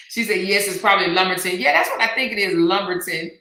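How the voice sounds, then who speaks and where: A woman's voice: mid-range voice, a little fast. Chatty woman host in an echoey room. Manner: chatty, animated, slangy, reads viewer comments aloud. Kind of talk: casual live-stream chat.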